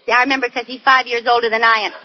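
A woman's voice: on the high side, level tone, very fast, close to an everyday voice. An actress in her twenties playing a chatty, scatterbrained young wife in a 1940s radio comedy, bubbly and giggling. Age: 20s. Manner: bright, bubbly, giggling delivery. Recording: dull old radio broadcast.

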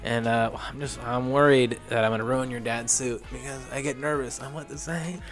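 A man's voice: mid-range voice, steady tone, faint music behind. A man in an improv comedy scene, talking hesitantly with many ums and restarts. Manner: hesitant, halting, full of ums. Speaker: improv performer.

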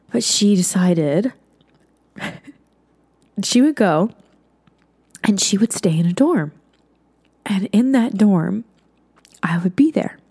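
Woman host, mellow voice, earnest heartfelt storytelling with whispered emphasis. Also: mid-range voice. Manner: conversational, many "like" fillers. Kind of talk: personal storytelling monologue.

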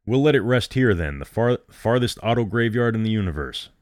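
A man voicing a lonely exiled man whose speech rises and shakes with excitement. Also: lowish voice, brisk, dry recording, clean studio sound, close to an everyday voice. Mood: excited. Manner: shaky, rising with excitement. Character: lonely exiled man, middle-aged, desperate and emotional.

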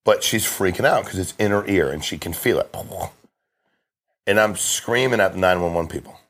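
A man's voice: deep voice, a bit bright. A middle-aged man talking casually on a podcast as a guest, telling stories with emphasis and lots of restarts. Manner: fast, emphatic storytelling with frequent restarts. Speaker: guest, insurance sales agent.

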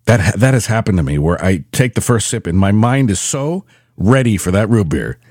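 A middle-aged podcast host, a man with a very deep voice, telling a personal story in a loose, animated ramble. He corrects himself mid-word and keeps circling back, recorded close and dry. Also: moderate pace, dry recording. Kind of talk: casual monologue.

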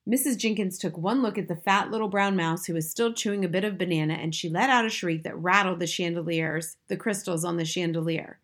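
A woman's voice: lowish voice, a little fast, few pauses. Woman narrating a storybook. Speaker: audiobook narrator.

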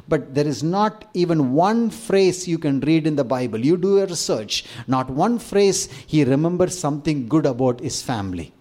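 A man's voice: a little high, animated, moderate pace, hardly any pauses, dark tone. Earnest man preaching a sermon. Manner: earnest, repeats phrases, builds up lists with rising emphasis. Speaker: pastor.

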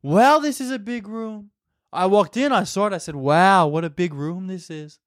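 A man doing a pompous politician impression, slow. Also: high-pitched, no echo, studio quality, pitched above the performer's own voice, lightly acted. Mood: smug. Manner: slow, repetitive, boastful cadence. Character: pompous male politician impression, self-satisfied.

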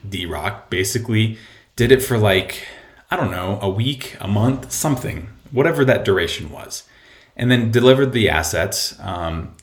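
A man with a voice on the low side hosts a casual solo podcast from a room at home, and the space sounds echoey. He rambles, full of fillers and restarts, and seems a bit out of breath.

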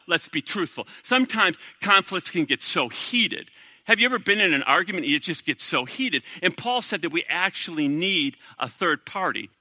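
A middle-aged male pastor delivering a sermon, talking straight to his congregation and asking them question after question. His voice sits high and sounds very bright and clear. It is recorded dry and close, with no room echo. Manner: animated, conversational preaching with rhetorical questions.

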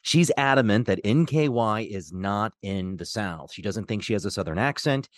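A man narrating a scripted news feature in a measured, clear way. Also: lowish voice, animated, no room sound, clean studio sound. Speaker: radio reporter and narrator.

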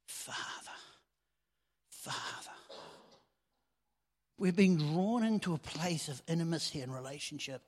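A man preaching a sermon in a conversational way that swells into loud emphasis. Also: fairly high pitch, expressive, brisk, hardly any pauses. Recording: long hall reverb.

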